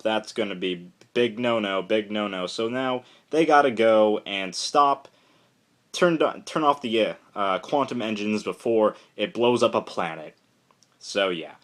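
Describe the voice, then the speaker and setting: Young adult man, slightly low voice, casual comic review, rambling and excitable, heavy on fillers.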